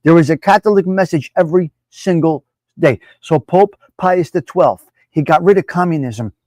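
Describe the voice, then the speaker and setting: Jersey guy hosting a live stream, bit high-ish voice, dry close sound, rants and repeats stuff. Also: normal speed, darkish tone, no room sound. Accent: New Jersey. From New Jersey. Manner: blunt, ranting, repeats himself for emphasis. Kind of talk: casual opinionated live stream talk.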